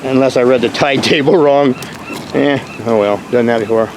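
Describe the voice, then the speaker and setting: Male vlogger, outdoor handheld narration on a shoreline, excitable rambling delivery, faint wind noise. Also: medium pitch, moderate pace. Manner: rambling, exclamatory, bursts into whoops. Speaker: vlogger exploring rock formations. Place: rocky shore outdoors at low tide.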